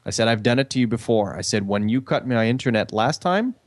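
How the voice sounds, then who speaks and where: A man's voice: medium pitch, expressive, fairly quick, no echo. A man telling a story in a casual chat, acting out the quoted dialogue with animation.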